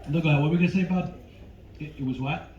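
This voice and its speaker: An older man performing a stand-up comedy set, animated and teasing the crowd from a club stage on a handheld mic. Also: a little high, fast. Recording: echoey club room, slightly dull.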